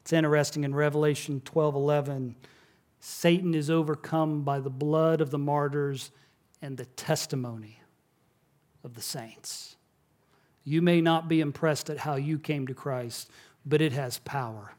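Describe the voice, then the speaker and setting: A middle-aged male pastor preaching a sermon, telling stories in a conversational way and dropping soft and low on key words. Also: steady tone, measured pace.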